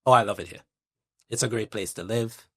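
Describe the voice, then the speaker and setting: This Trinidadian investor, middle-aged and a guest in an interview, thinks aloud in a measured way, laying out arguments with lists and analogies. He sounds husky and somewhat low, in studio-quality audio without echo.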